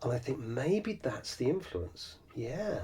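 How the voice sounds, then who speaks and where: A man's voice: mid-range voice, very animated, slow, dark tone, breathy edge. A middle-aged man hosting a solo podcast, musing in a rambling, self-deprecating way with lots of fillers and restarts. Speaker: podcast host and songwriter. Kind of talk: reflective solo podcast monologue.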